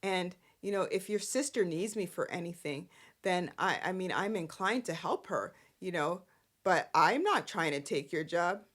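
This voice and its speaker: A woman's voice: fairly low pitch, expressive, a bit bright. A woman voicing a scheming man who stammers out innocent-sounding denials about taking someone's job. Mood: feigned innocence. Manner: hesitant, halting, feigning innocence.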